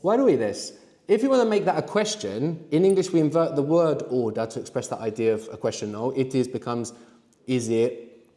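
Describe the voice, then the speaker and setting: A man teaching a live language workshop, explaining slowly and prompting his students to answer. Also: mid-range voice, lively intonation, mellow, in a large hall. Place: room with students.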